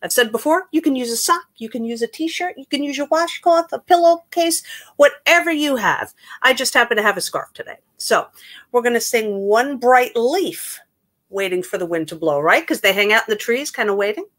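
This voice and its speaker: A woman's voice: fairly high pitch, animated, moderate pace, fairly bright tone. A woman, a children's librarian from Queens leading an upbeat, sing-song story time with songs. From Queens, New York.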